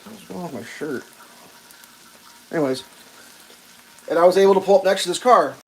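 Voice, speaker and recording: A man spins a long, meandering story for his livestream audience while he cooks. His voice sits a little higher than most men's, and he swears freely as he goes. He keeps jumping into loud, acted-out bits of the scene he is describing. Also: fairly quick, poor audio. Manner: rambling, swears, acts out quotes loudly. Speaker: livestream host. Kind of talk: casual storytelling while cooking.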